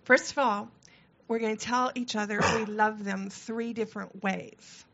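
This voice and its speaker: A woman's voice: mid-range voice, steady tone, a little slow, creaky, noisy background. Woman co-leading a couples seminar. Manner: chatty, with laughs and filler words. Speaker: co-leader of a marriage workshop. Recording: dull lo-fi sound.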